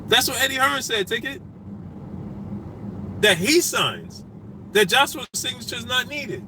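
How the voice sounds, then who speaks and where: A man hosting a boxing talk stream, repeating himself emphatically and shouting out viewers by name. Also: extremely high pitch, a little slow, long pauses, background noise. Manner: animated, repetitive, emphatic street talk. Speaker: boxing talk show host.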